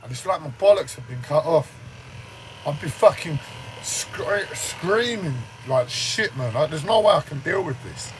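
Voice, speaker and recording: A man's voice: fairly high pitch, expressive, measured pace, a little hiss or hum, rough recording. A man in a shaken, agitated livestream rant who swears heavily and sounds like he is in shock. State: shaken, says he speaks like he is in shock. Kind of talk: angry personal rant. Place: standing in front of a camera.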